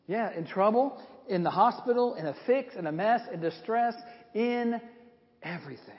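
Emphatic male preacher, high voice. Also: expressive, moderate pace. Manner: emphatic, rhetorical questions, repeats words for stress. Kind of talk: sermon. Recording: dull lo-fi sound with long hall reverb.

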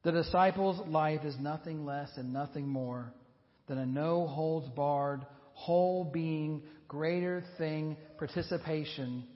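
A man pastor preaching a sermon, earnest and measured, slowing down for emphasis. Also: a little high. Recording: dull lo-fi sound with long reverb.

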